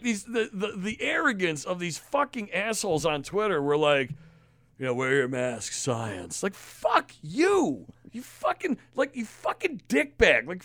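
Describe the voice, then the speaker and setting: Man, podcast host, high lively voice, profane angry rant, dry close sound. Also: no echo. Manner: angry, profane, emphatic ranting. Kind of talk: profane ranting podcast chat.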